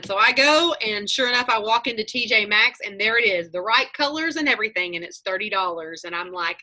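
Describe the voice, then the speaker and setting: A woman's voice: fairly high pitch, expressive, fairly quick, bright, forceful tone. A woman, talking on a video call, telling chatty stories and acting out her own thoughts as she coaches a group.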